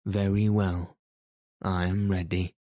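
A cool, resolute young prince, read by a man in a storybook audiobook, calm and polite. The voice is low and slow, warm and dark in tone, recorded dry and close. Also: no echo. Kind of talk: audiobook character reading.

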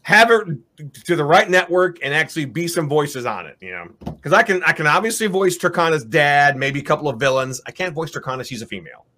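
Lively, higher-pitched man, laughs a lot; casual guest voice actor. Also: brisk. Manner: animated, laughs often, slips into voices. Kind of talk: casual chat.

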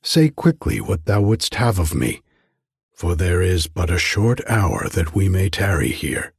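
A man voicing an ancient, withered old crone who speaks slowly in archaic words, sly and commanding. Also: low voice, big pitch swings, gravelly, husky, no echo, studio quality, exaggerated voice. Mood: ominous. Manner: slow, archaic, ominous speech.

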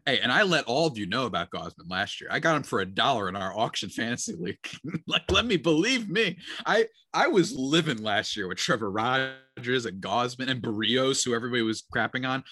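A man co-hosting a sports podcast, talking in an animated, excitable way and laughing easily. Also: medium pitch, fast talker, hardly any pauses, no room sound, clean studio sound. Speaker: podcast co-host. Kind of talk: casual sports podcast chat.

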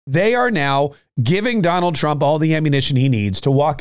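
Fired-up man, higher voice. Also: animated, normal speed, few pauses, clear, resonant tone. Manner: fired-up, repetitive, sarcastic. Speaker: political commentary host. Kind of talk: monologue.

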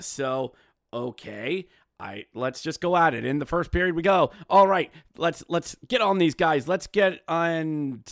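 A man hosting a solo hockey fan podcast, ranting in an animated, exasperated way and mimicking other fans. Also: a little high, creaky, no echo, clean studio sound. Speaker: podcast host.

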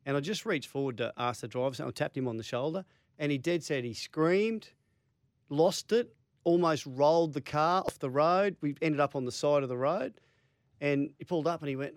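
A man, a show regular, telling jokes and stories on sports radio with a deadpan delivery. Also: a little high, brisk, no echo. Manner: deadpan storyteller, acts out quoted voices. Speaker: comedy segment regular.

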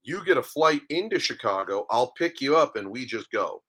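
A man's voice: mid-range voice, big pitch swings, normal speed, a bit bright, breathy edge. Man in his thirties telling a story. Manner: rambling storyteller, acts out dialogue. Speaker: podcast guest, goalie. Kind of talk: casual interview chat.

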